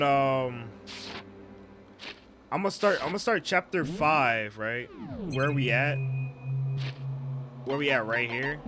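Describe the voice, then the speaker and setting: A young man casually playing and reading a game aloud, rushed, with slangy, profane talk. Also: medium pitch, background noise. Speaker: gaming channel host. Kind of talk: let's play reading game dialogue aloud. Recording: game music under the voice.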